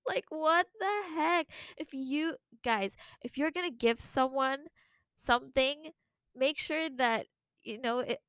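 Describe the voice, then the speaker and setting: A young woman talks through a casual solo podcast in a chatty, animated way. Her voice sits a touch high and comes across smooth and clear. It is recorded dry and close to the mic. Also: no echo. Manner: chatty and animated, jumps to a high voice when quoting herself. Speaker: podcast host.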